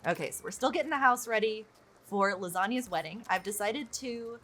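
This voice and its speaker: A woman delivers let's play commentary in a chatty, excitable way, swearing freely. Her voice sits at a middling pitch but swings widely up and down as she reacts. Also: a little fast, faint music behind. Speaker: gaming YouTuber.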